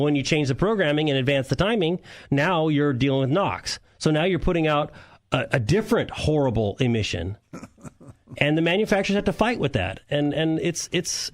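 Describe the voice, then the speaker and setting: A man's voice: fairly high pitch, sing-song, brisk. A man co-hosting a car radio show as the mechanic, telling long rambling stories in a casual chat and chuckling often.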